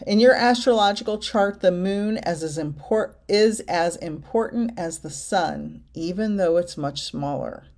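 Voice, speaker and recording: A woman with a lowish voice reads oracle card texts aloud at an unhurried, slow pace. Between the readings she chats in an effusive way to viewers by name. She sounds like a medium hosting her own card-pulling video. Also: darkish tone.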